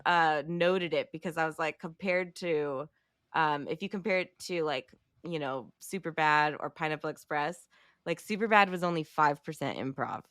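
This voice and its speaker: A woman's voice: deep voice, moderate pace, a bit bright, no room sound, studio quality. A woman co-hosting a podcast, chatting casually and animatedly, laughing often and acting out lines. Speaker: podcast co-host. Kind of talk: casual chat.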